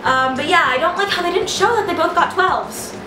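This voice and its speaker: A woman with a very high voice speaks fairly quickly, giving a casual movie review as a film reviewer. She gushes and rambles, leaning heavily on "like." The room is echoey, the mic distant, and music plays behind her.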